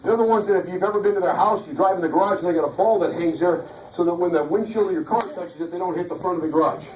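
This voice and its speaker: High-voiced man speaking in an echoey hall. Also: fast, recorded from a distance, slight background noise. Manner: energetic, joking, acts out voices. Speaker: motivational speaker at a sales event. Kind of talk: live motivational talk to an audience. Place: large hall.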